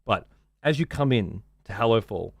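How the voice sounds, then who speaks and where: A man's voice: lowish voice, expressive, a little slow, gravelly, no echo, clean studio sound. Profane sarcastic male streamer. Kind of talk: casual ranting chat.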